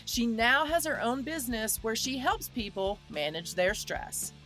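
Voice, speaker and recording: A woman's voice: on the high side, very animated, unhurried, fairly bright tone, soft background music. A woman hosting a podcast, introducing her guest and asking questions in a chatty way. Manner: chatty, with restarts. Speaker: podcast host.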